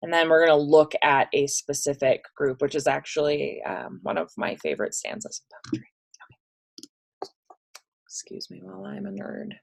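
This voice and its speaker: A woman's voice: low-pitched, expressive, moderate pace, gravelly. A woman teaching an English class in a recorded online lesson, chatty and self-deprecating, reading poetry aloud with relish. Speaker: high school English teacher.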